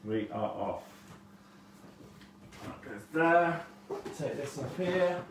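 A man's voice: fairly high pitch, expressive, takes it slowly. A man hosting a casual live painting lesson, chatty and jokey, giving instructions while he paints. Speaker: painting class host. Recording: echoey room, mic far off, faint noise.

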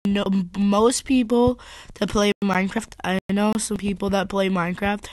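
A woman's voice: mid-range voice, no room sound, poor audio. A woman chatting casually while commenting on her Minecraft gameplay, rambling and often correcting herself mid-sentence. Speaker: gaming channel host.

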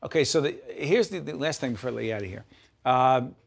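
A man's voice: mid-range voice, animated, quick pace, vocal fry. A middle-aged man hosting a TV interview, enthusiastic and playful, often jumping in. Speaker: TV interview host.

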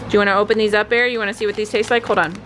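A woman's voice: mid-range voice, steady tone, rapid-fire, heavy background noise. A young woman chatting casually in a home vlog, often switching to a sing-song voice for her dog. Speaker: vlogger. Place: home living room.

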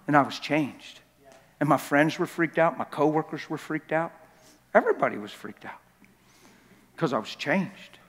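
Impassioned preacher in an echoing church. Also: male voice, a little high, animated, normal speed, husky. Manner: impassioned, confessional storytelling. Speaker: guest preacher. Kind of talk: sermon. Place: large church. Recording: long church reverb.

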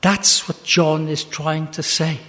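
A man preaching a sermon, slow and measured, rising to a fervent pitch at his climaxes. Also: little pitch movement, fairly bright tone. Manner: slow and measured, with long pauses. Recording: hall reverb.

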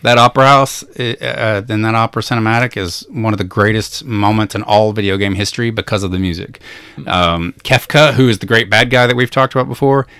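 A man's voice: on the low side, fairly even intonation, a little fast, fairly bright tone, clean tone, no room sound. A man co-hosting a podcast in casual chat, enthusiastic with dry sarcastic humor. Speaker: podcast co-host.

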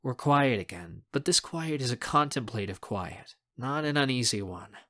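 A man narrating a young adult audiobook in the first person, with a bright, forceful tone. He reads expressively and shapes each scene. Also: medium pitch, expressive, normal speed.

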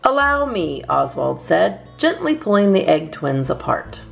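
Lively woman reading a storybook. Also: low voice, a little slow, vocal fry, soft background music. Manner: lively, sing-song reading with cheerful character voices. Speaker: children's story reader. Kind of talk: read-aloud storytime.

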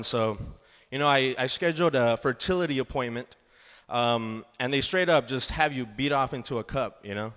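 A man's voice: medium pitch, normal speed, a bit bright, clean tone. A man doing a stand-up comedy set, telling a story in a laid-back way with lots of ums. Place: comedy club stage. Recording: reverberant club room.

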